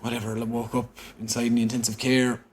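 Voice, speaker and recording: A man in his thirties with a Cork Irish accent, telling a personal story openly as a podcast guest, halting and full of fillers. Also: medium pitch, monotone, slight background noise. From Ireland. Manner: open, halting, repeats himself with many fillers. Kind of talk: candid storytelling. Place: indoor room in San Francisco.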